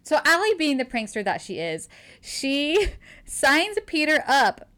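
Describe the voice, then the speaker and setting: A woman's voice: high-pitched, slow. Chatty young woman retelling a romance novel. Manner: animated retelling, quotes characters, laughs often. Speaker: book podcast co-host. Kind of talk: casual chat recapping a novel.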